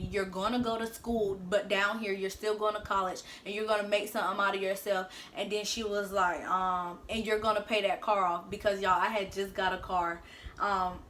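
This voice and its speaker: A woman's voice: mid-range voice, fairly bright tone, a little hiss or hum. A young woman from the American South telling a personal story casually into her phone in her bedroom, chatting to viewers and acting out quotes. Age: young adult. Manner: chatty, addresses viewers as y'all, acts out quotes. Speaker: vlogger.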